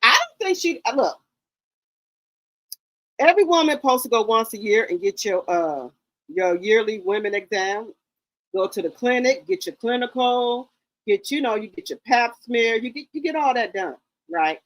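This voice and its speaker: A woman's voice: on the high side, lively intonation, moderate pace, no echo, low-quality recording. Sassy, blunt woman in her fifties. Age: 50s. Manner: blunt, sassy, curses freely. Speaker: livestream host. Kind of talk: casual livestream chat.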